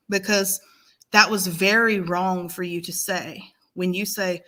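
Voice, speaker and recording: A woman's voice: mid-range voice, a bit bright. A woman co-hosting a live stream, firmly lecturing a viewer and repeating her points for emphasis. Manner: slow, deliberate delivery. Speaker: livestream co-host. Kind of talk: heated live-stream scolding.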